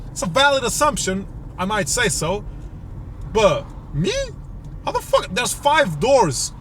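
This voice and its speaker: A man's voice: high voice, big pitch swings, a little slow, fairly bright tone, a little hiss or hum. A young man telling a rambling, profane, exasperated story on a comedy podcast. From Portugal. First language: Portuguese. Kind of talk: casual storytelling rant.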